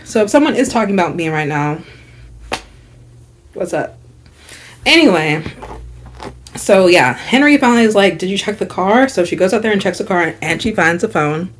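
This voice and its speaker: A woman's voice: mid-range voice, normal speed, pauses often, slight background noise. A young woman vlogger telling a storytime tale, frank and gossipy, swearing freely and acting out quotes. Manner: animated storytelling with acted quotes. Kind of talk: storytime vlog.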